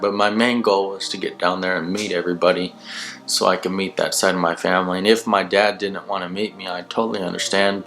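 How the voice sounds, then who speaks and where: A man with a deep, creaky, fairly bright voice shares his personal testimony on his own channel. The storytelling is laid-back and rambling, packed with "you know" fillers, and music plays in the background.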